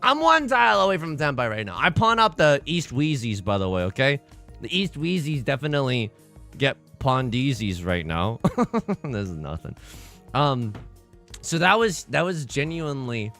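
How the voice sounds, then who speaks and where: A young man casually chatting and commenting while streaming online mahjong, excitable and self-mocking, laughing often and jumping from loud outbursts to mumbled asides. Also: mid-range voice, moderate pace, soft background music. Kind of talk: casual livestream chat and commentary.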